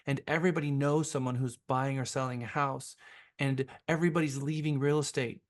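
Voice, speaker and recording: A man coaching real estate agents, with an upbeat, quick and persuasive way of talking. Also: medium pitch, fairly even intonation. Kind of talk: sales training talk.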